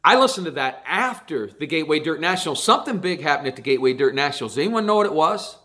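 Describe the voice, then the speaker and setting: Dirt track racing is the subject as this vlogger goes on an extended, forceful tirade aimed at viewers, hammering phrases again and again. He sounds high, expressive, and sharp, and he talks fast.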